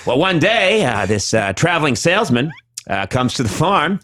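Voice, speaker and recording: Lively male talk show host telling an anecdote. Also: on the high side, moderate pace. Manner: lively, acts out voices while telling anecdotes. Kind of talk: casual anecdote.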